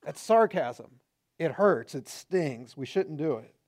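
A middle-aged man preaching a sermon as pastor, conversational and animated, acting out quoted remarks. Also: fairly high pitch, slow pace.

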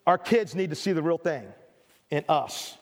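A middle-aged man preaching with earnest emphasis, his voice sitting fairly high for a man. He often stumbles into restarts and repeats key phrases. The sound rings with the long reverb of a church hall. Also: lively intonation, normal speed. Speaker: pastor. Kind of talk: sermon.

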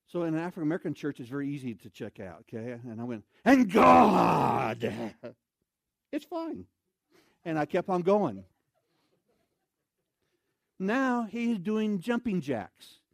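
A man preaching a sermon in a church, telling stories with lively, animated delivery and loud bursts of emphasis. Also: on the high side, moderate pace, pauses often, no echo. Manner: animated storytelling, acts out voices, shouts for emphasis. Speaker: pastor. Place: church sanctuary.

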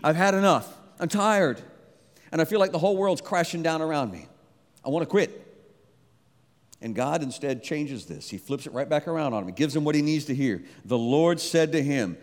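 A man preaching a sermon as pastor, dropping to a hush on quiet words and rising again. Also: a little high, in a large hall. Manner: dynamic, drops to a hush on quiet words, then rises.

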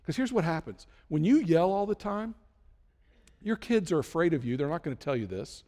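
A man's voice: fairly high pitch, very animated, normal speed. Man preaching in a reverberant hall. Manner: conversational, emphatic preaching with sudden loud bursts. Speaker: pastor. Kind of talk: sermon.

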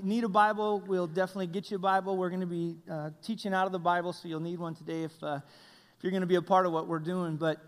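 A man pastor giving a conversational sermon, halting often with fillers and restarts. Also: high-pitched. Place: church sanctuary. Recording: church hall with long reverb.

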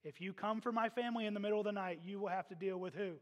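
A man from Texas preaching a sermon, emphatic, with humorous asides, dropping to hushed tones and then rising loud. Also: high-pitched, fairly even intonation, very fast, dull audio.

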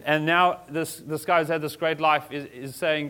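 A man's voice: fairly high pitch, steady tone, brisk, few pauses, sharp tone. Man preaching in a casual, chatty way. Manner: conversational, casual preaching with slang. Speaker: pastor. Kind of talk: sermon.

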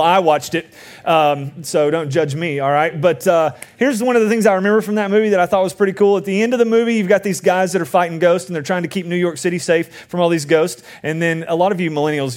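A man preaching a sermon in a relaxed, conversational way, reading scripture and asking the congregation questions. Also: a little high. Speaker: pastor. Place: church service.

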